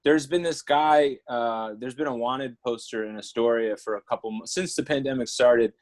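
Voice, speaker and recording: A man co-hosting a casual comedy podcast, rambling and halting as he cracks deadpan jokes. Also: mid-range voice. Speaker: podcast co-host.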